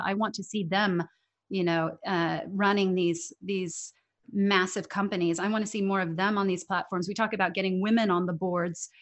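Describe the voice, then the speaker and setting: Earnest woman English coach. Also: medium pitch. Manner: earnest, emphatic, laughs often. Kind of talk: conversational interview.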